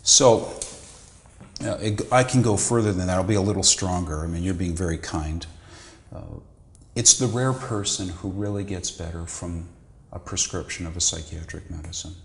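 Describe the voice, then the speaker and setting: A middle-aged man with a deep, low voice explains medical ideas in a measured, lecturing way. He pauses and restarts now and then as he builds his points. The room around him is echoey. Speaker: psychiatrist guest. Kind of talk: explanatory interview answers.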